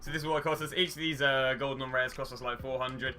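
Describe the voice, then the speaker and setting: Bright-voiced young man, chatty. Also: medium pitch, fairly even intonation, fast talker. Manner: rambling, chatty, self-correcting with many fillers. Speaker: gaming channel host. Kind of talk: casual gameplay commentary.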